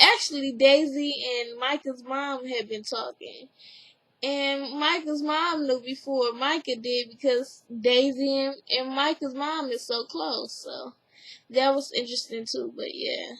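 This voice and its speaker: Slow, high-voiced woman recapping TV. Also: fairly bright tone, poor audio. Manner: rambling, heavy use of "like" and "you know"; earnest and emotionally open. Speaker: TV recap vlogger. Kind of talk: casual spoken episode review.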